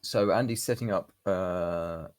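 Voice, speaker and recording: A man's voice: low voice, measured pace. A man giving casual, chatty game commentary, thinking aloud as he goes.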